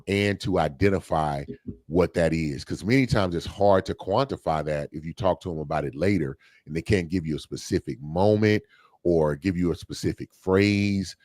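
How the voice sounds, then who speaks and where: A man's voice: sits low, moderate pace, a little mellow, dry recording, studio quality. A man co-hosting a podcast, talking things through in a casual, thoughtful way with fillers and restarts. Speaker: podcast co-host. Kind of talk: casual discussion.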